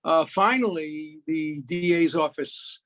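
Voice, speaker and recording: A man in his eighties from Brooklyn, a guest telling jokes and stories in a lively, punchy way. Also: fairly high pitch, slow. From Brooklyn, USA. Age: 80s. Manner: lively raconteur, punchy delivery. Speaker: guest, lawyer. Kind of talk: animated storytelling, joke-telling chat.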